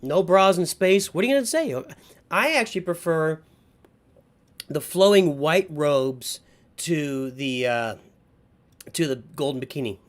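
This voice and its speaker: A man's voice: on the high side, a little slow, pauses often. A middle-aged man hosting a livestream, rambling nostalgically and answering live chat as he goes. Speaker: livestream host.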